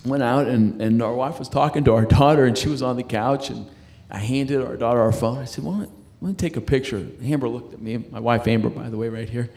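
In a conversation about his faith, a middle-aged man gives a personal testimony in a medium-pitched, darkish voice with some vocal fry. He keeps tripping over words, repeating himself and starting over as the story unfolds.

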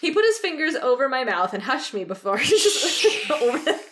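A woman's voice: high voice, sing-song, normal speed, background noise. A young woman co-hosting a casual chat, reading fan fiction aloud with wry asides and frequent giggles. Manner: giggly, wry, often breaks off to comment.

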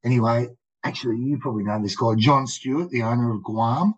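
An Australian man telling rambling, profane skydiving stories in casual, animated talk, full of "mate" and "dude". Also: mid-range voice, fairly quick, slightly rough. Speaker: guest, skydiver. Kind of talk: casual storytelling. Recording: muffled lo-fi audio.

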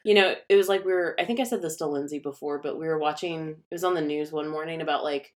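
A woman's voice: deep voice, fast talker. A woman co-hosting a podcast, chatting casually, blunt and joking with plenty of swearing. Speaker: podcast co-host. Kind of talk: casual chat.

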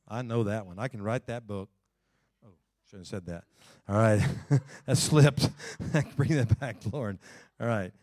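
A male pastor preaching a sermon in a conversational way, swinging between emphatic lines and hushed, quiet ones. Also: medium pitch, no echo, clean studio sound.

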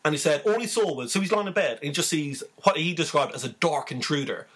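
A man co-hosting a podcast, telling funny news stories in a casual, animated way, laughing as he goes. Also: a little high, fast, slightly rough. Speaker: podcast co-host. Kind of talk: casual storytelling chat.

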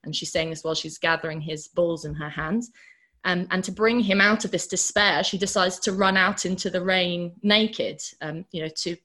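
Chatty woman lecturing with lively readings. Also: lowish voice, normal speed. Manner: animated, quotes passages with rising force, many fillers. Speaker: literature lecturer. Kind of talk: informal literature lecture with read-aloud quotes.

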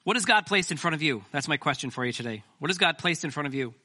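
A man's voice: a little high, animated, fast talker, pushed and bright. A man preaching a sermon as pastor, talking conversationally with self-deprecating jokes.

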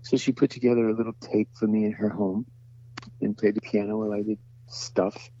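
A man's voice: lowish voice, flat delivery, brisk, mellow. An older man, a voice actor, telling long rambling stories in an interview and acting out the voices he quotes. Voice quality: gravelly, husky. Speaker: voice actor guest. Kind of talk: interview storytelling. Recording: dull lo-fi sound.

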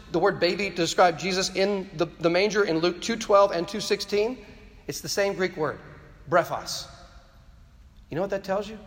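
Male speaker, high voice, fervent preaching delivery, stammering repeats for emphasis, long hall echo; addressing students. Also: a bit bright. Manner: impassioned, repeats words when stressing a point. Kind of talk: preaching-style talk to a live audience.

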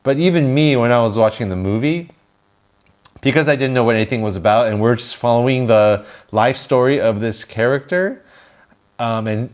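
A man co-hosting a podcast, giving opinionated, joking film reviews in casual chat. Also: mid-range voice. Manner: opinionated, joking, with some restarts. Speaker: podcast co-host.

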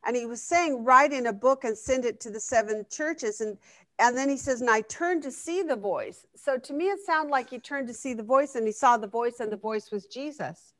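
A woman's voice: fairly high pitch, moderate pace, fairly bright tone, no room sound. A woman teaching a Bible study class in a conversational way, often asking the group questions. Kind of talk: interactive Bible lesson.

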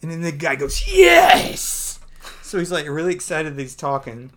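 A man's voice: fairly high pitch, steady tone, fast, fairly bright tone. A man co-hosting a podcast, casually recapping a comic book with rambling asides, laughs and fillers. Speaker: podcast co-host.

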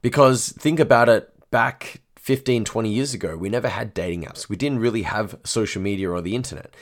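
A man's voice: lowish voice, fairly quick. A young man, a dating coach, talking bluntly and profanely to his audience, often tagging lines with "right?". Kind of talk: monologue to camera.

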